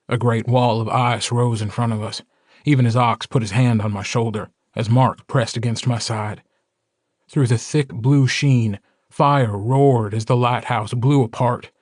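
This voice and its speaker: A male audiobook narrator reading a first-person story in a measured, steady way. His pace is slow and unhurried, and his voice sits in an ordinary middle register. The recording is dry and close, with no audible room. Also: mid-range voice, dry recording.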